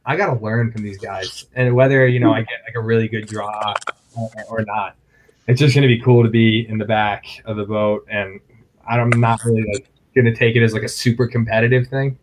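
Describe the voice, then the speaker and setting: A young man from New York State, a guest angler in casual podcast chat, telling stories in an animated way and laughing often. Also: lowish voice, fairly quick, a little hiss or hum, poor audio.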